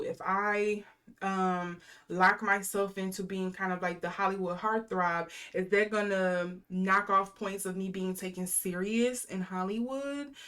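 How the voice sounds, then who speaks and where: A woman's voice: medium pitch, a bit bright. Rambling woman giving a tarot reading. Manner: rambling, lots of fillers, reels off card keywords. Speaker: tarot reader. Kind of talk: casual intuitive tarot reading.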